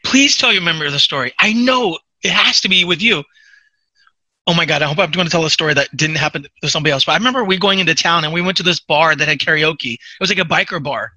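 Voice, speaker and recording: Fast, bright-voiced male podcast host. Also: on the high side, dry recording, rough recording. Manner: quick, animated, chatty. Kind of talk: casual chat, storytelling.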